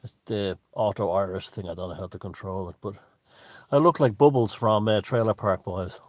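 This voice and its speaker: A man hosting a casual live stream from a room at home, greeting viewers and chatting in a relaxed way. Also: fairly low pitch, normal speed, no echo. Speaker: livestream host. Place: room at home with the window open.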